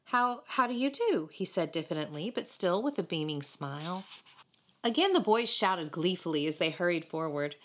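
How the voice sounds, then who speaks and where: A woman narrates a storybook with a lot of movement in her voice, rising and falling through each sentence. Her voice sits on the low side, and her reading is animated and expressive. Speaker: audiobook reader.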